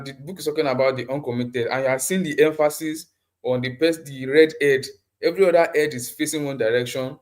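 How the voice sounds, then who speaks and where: Man, online design instructor, mid-pitched voice, repeats phrases, questions the class. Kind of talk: live online class lecture.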